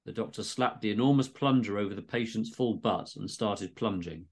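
A man's voice: fairly low pitch, moderate pace, few pauses, slightly rough. A man from England, co-host of a comedy podcast, reading his comic short story aloud with a wry manner.

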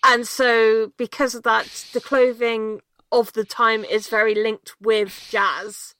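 A woman co-hosting a podcast, chatting about a film in a relaxed, thoughtful way, explaining at length. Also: on the high side, takes it slowly, clear, resonant tone, no echo. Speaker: podcast co-host. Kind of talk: casual film discussion.

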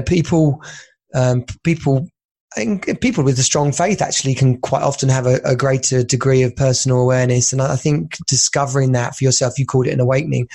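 A man hosting a podcast chats in a casual, rambling way, often pausing and restarting as he hunts for words. His voice is mid-pitched with a lot of gravelly fry. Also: a little mellow. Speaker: podcast host. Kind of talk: casual interview chat.

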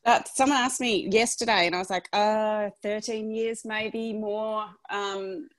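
A woman's voice: mid-range voice, steady tone, a little slow, no echo. A woman in her thirties from Tasmania with an Australian accent, a guest on a podcast who speaks thoughtfully over a remote online recording. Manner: reflective, thoughtful storytelling. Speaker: guest, lawyer. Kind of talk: casual podcast interview.

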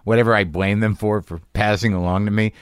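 A man's voice: lowish voice, fairly even intonation, fairly quick, clean tone, no echo, studio quality. A man hosting a podcast, asking probing personal questions and tossing in wry jokes and casual swearing. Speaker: podcast host.

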